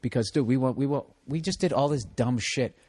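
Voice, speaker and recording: A man hosting a podcast, telling work stories in a casual, profane, animated way. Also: medium pitch, fairly quick. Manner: profane, animated, laughing storyteller. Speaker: podcast host. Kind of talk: casual comedic storytelling.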